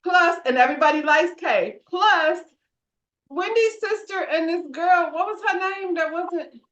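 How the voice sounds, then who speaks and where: Brief: woman co-host, high voice, quick chatty interjections. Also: fairly bright tone, dull audio, a little hiss or hum. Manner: quick interjections, laughs often. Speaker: podcast co-host. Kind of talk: casual chat.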